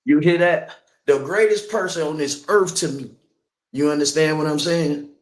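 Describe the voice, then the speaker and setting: A man's voice: a little high, normal speed. Man telling a testimony, echoey. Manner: conversational, keeps asking "you know what I'm saying". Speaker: speaker. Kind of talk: personal testimony sermon.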